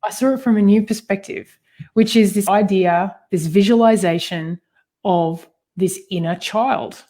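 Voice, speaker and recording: A woman's voice: medium pitch, measured pace. A woman co-hosting a personal talk about healing, telling stories with lots of fillers and frequent laughter. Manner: animated storytelling, laughs often, frequent fillers. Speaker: co-host.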